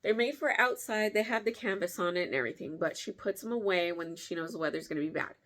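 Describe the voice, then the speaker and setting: A woman vlogger telling a story in a casual way, animated, laughing often and jumping her voice up to act out what people said. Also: quick pace. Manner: animated, acts out quotes with big pitch jumps.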